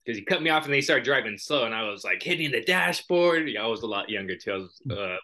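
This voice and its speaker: A man's voice: on the low side, very fast, sharp tone. A man co-hosting a podcast, talking reflectively in casual chat and telling personal stories. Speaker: podcast co-host.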